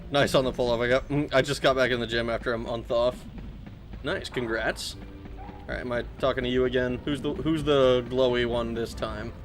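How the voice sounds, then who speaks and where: A man's voice: medium pitch, steady tone, normal speed, pauses often. A man streaming a video game, chatting casually and joking with his viewers, laughing often. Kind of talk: casual gameplay commentary. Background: game music.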